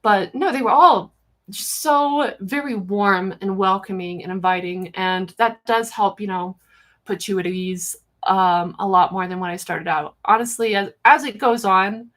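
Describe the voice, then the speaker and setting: A woman's voice: mid-range voice, unhurried, a bit bright. Rambling, giggly woman hosting a live Q&A. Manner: rambling and chatty, with many fillers and restarts; self-mocking and giggly. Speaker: livestream host answering viewer questions. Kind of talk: casual live Q&A chat.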